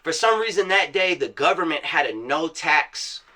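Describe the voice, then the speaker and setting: A man's voice: on the high side, expressive, normal speed, bright, forceful tone. A man from the American South, a rapper telling his story as an interview guest in casual, profane street slang, acting out other people's words. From Virginia and Florida, USA.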